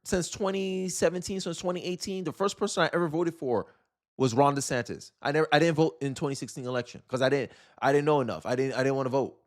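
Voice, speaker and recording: A man's voice: fairly high pitch, steady tone, quick pace. Exasperated young man ranting commentary. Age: young adult. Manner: exasperated, rambling, frequent restarts. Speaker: commentary channel host. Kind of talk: casual political commentary.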